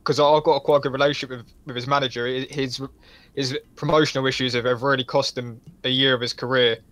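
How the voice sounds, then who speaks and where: A man with a southern English accent calls into a podcast panel. He talks quickly and matter-of-factly, and his voice sounds dry and close, with no room echo. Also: medium pitch, fairly even intonation, fairly bright tone. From England. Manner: brisk, knowledgeable, matter-of-fact. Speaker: caller on the panel. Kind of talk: casual podcast chat.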